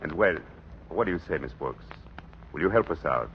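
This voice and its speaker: Courtly Frenchman, French accent, deep voice, lively lilt, formal broken English, dull 1940s radio sound with faint hiss. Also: moderate pace. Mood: earnest. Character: courtly middle-aged Frenchman, flowery and earnest.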